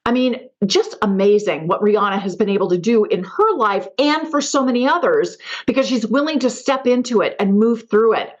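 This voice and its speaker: A woman's voice: fairly high pitch, expressive, moderate pace, few pauses, lo-fi sound. A middle-aged woman hosting a podcast, giving an emphatic motivational talk and repeating mantras. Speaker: podcast host.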